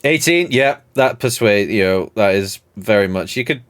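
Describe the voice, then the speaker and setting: Animated man running a tabletop game. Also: on the low side, normal speed. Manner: animated, rambling storyteller. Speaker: game master.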